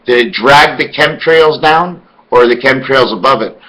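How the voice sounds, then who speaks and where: Man, rambling monologue, rhetorical questions, bright tense voice. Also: medium pitch, normal speed, rough recording. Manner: emphatic, fires off rhetorical questions; spells words out letter by letter. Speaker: video blogger.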